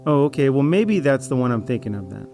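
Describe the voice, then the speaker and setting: A man's voice: medium pitch, sing-song, fast talker, mellow, soft background music. A man playing a smug, deceitful raider. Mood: defensive, casual. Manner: falsely friendly, then arrogant and threatening. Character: smug, deceitful male raider, manipulative and menacing. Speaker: voice actor in an audio drama. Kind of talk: audio drama acting.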